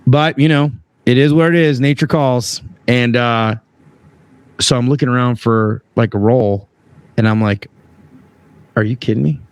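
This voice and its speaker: A man's voice: unhurried, clear, resonant tone, no echo. A man telling a story casually on a podcast, acting out the people in it with big jumps in his voice. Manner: animated, acts out voices with big pitch jumps. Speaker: HVAC sales rep telling a story.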